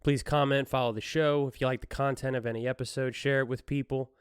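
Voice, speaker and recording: A man's voice: mid-range voice, fairly even intonation, fast, clear, resonant tone, dry recording, studio quality. A man hosting his own podcast, retelling a news story in casual chat and laughing often as he goes. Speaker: podcast host. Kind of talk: casual solo podcast commentary.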